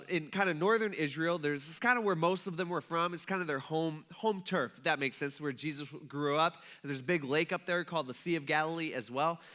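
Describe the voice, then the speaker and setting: A man's voice: on the high side, pushed and bright. A male pastor giving a casual, conversational sermon. He tells the story loosely, acts out the voices of the people in it, and fills his speech with "kinda" and "like".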